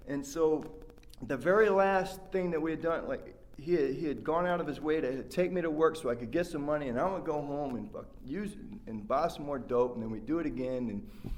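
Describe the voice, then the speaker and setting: A man's voice: a little high, fairly quick, a little mellow. A man giving a rambling, heartfelt personal share as a speaker at a recovery workshop, full of fillers and restarts. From West Virginia.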